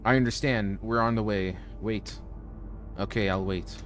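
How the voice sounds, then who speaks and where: Low-voiced man joking over a horror game. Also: fairly even intonation, unhurried, a bit bright, faint music behind. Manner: reads game text aloud, joking asides. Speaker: streamer playing a horror game. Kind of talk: casual let's-play commentary.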